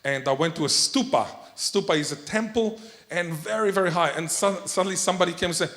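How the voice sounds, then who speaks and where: A man speaks to a conference audience in a playful, joking manner. His voice sits a little high, and he tosses questions to the listeners between points. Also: brisk, fairly bright tone. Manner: playful, jokey, quizzes the audience. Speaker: keynote speaker. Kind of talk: conference keynote talk.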